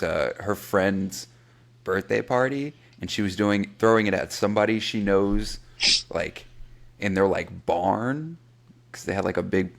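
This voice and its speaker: A man from South Florida, a podcast co-host, telling a profane, animated story and acting out what people said. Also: deep voice, gravelly. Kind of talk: casual chat.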